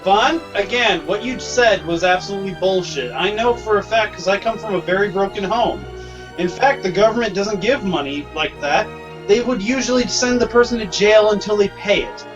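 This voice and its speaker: A man with a high voice presses another speaker bluntly and refuses to let the point go. Music plays clearly behind him. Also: moderate pace, dull audio. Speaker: voice chat participant. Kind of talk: heated group chat.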